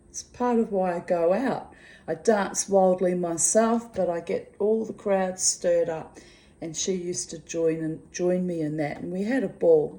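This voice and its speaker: A woman vlogger talks candidly in a casual video diary, rambling and muttering asides to herself in a low, dark-toned voice.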